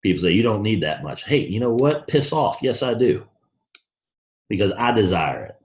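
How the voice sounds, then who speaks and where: A very animated man speaking at normal speed gives a blunt, brash motivational talk. Telling a story with punchy delivery, he swings from low tones up to shouted highs.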